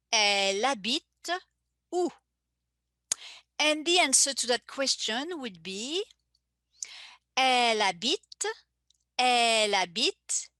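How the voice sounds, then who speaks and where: Slow, bright-voiced teacher woman. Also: on the high side, no room sound. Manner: slow, careful, repeats phrases for learners. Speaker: French teacher. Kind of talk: live online language lesson.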